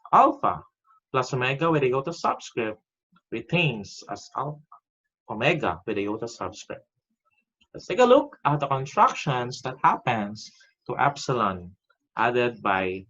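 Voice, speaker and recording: A man's voice: mid-range voice, pushed and bright. A man teaching a recorded online class, reciting grammar rules step by step in a methodical way. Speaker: Greek teacher. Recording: dull lo-fi audio.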